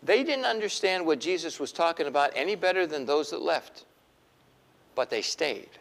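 Man, middle-aged, pastor, sermon, animated delivery, fairly high voice. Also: moderate pace, creaky, big-room sound. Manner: animated preaching, acts out quoted voices.

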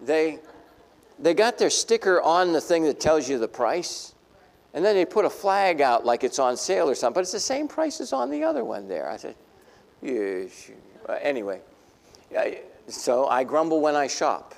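Pastor, male, gravelly voice, slightly high pitch, animated sermon storytelling, echoing church hall. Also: moderate pace. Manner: animated storytelling, voicing biblical figures.

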